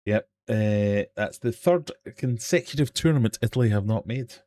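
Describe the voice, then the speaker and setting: A man's voice: medium pitch, moderate pace, warm tone. A man with a British accent hosting a live-stream quiz from his fish room, reading questions and joking with the chat. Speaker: quiz host.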